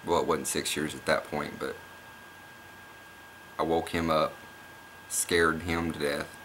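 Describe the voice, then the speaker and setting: Deep-voiced man telling a rambling story. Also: takes it slowly, a little hiss or hum. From Oklahoma. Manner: rambling, excitable, restarts and repeats himself. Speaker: vlogger. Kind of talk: casual storytelling vlog.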